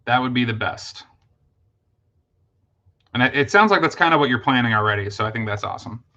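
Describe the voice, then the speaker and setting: A man's voice: mid-range voice, expressive, brisk, sharp tone, dull audio. Chatty man hosting a livestream. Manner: chatty, thanks viewers, many fillers and restarts. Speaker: livestream host. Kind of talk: casual livestream chat.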